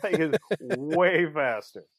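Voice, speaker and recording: A man co-hosting a podcast, chatting about a movie in a relaxed, hesitant way with many fillers. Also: fairly high pitch, takes it slowly, no room sound. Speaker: podcast co-host. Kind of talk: casual movie chat.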